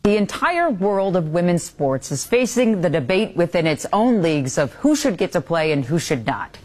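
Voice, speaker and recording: A woman news anchor delivering scripted commentary in a measured, pointed way. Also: lowish voice, sing-song, a little mellow.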